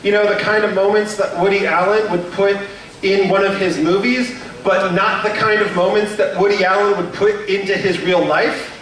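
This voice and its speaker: A man's voice: sits high, fairly even intonation, normal speed, fairly bright tone. A young man doing a stand-up comedy set on a club stage, telling stories in a nervous, self-deprecating way full of fillers and restarts. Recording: echoey room, mic heard from a distance.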